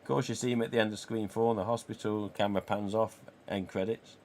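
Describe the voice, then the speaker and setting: A man's voice: on the low side, fairly even intonation, fast, a little mellow, a little hiss or hum. Chatty swearing English man in his forties. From England. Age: 40s. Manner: chatty, swears freely, acts out quoted dialogue. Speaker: live stream host. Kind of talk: casual live stream chat.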